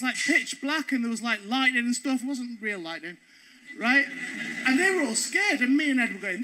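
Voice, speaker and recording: Male stand-up, very high lively voice, cheeky and profane, noisy stage recording. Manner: animated, cheeky, swears freely. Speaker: stand-up comedian. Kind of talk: stand-up storytelling.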